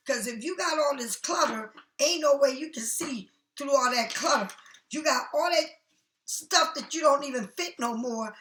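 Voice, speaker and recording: A woman's voice: high voice, a bit bright, echoey room. A woman doing a casual tarot reading for viewers, chatty and frank, swearing freely and calling the listener honey. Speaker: tarot card reader.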